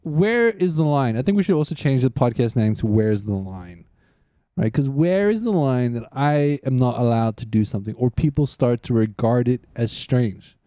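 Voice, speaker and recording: A man's voice: mid-range voice, animated, normal speed, dark tone, no echo, studio quality. A man hosting a comedy podcast, telling crude rambling stories in casual chat. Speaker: podcast host.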